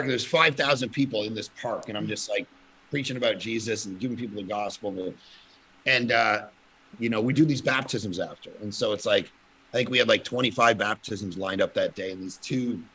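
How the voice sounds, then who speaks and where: A man, a pastor, telling lively stories in a casual conference talk, with loud bursts of emphasis and frequent laughter. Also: lowish voice, a little hiss or hum. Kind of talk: casual storytelling at a conference panel.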